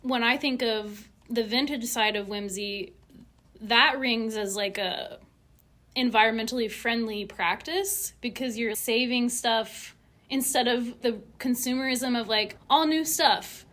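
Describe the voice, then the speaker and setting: A woman hosting a podcast in casual, quick conversation, peppered with "like". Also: a little high, fairly bright tone. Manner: chatty and quick, with lots of "like". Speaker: podcast host.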